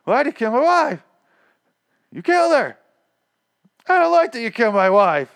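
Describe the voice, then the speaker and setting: A man mimicking a frantic, whiny grown man fleeing zombies, in a shrill mocking tone. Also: very animated, moderate pace, fairly bright tone, exaggerated voice.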